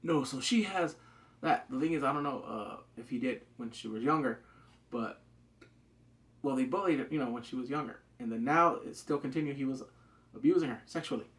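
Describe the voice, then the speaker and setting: A man giving a rambling, excited recap of a TV show, full of fillers and loud acted-out yelps. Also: medium pitch, fairly quick. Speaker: show reviewer. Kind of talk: casual spoken recap.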